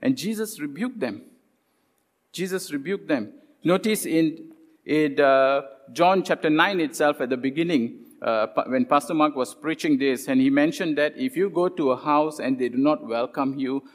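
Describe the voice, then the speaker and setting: A man preaching a sermon, retelling scripture stories with lively quoted voices and many "uh" fillers. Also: a little high, moderate pace. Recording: long hall reverb.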